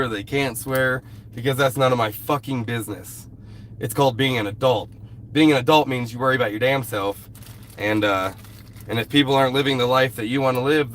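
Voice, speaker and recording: Outdoors at a rural camp, a man with a cold chats casually on a live stream, blunt and swearing heavily while irritated with a commenter. His voice is medium-pitched and a bit bright, with a little hiss or hum.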